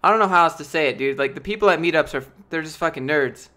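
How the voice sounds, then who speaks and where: A man's voice: on the high side, quick pace, pushed and bright. A young man chatting casually on a live stream, answering chat with rambling, jokey, profane talk.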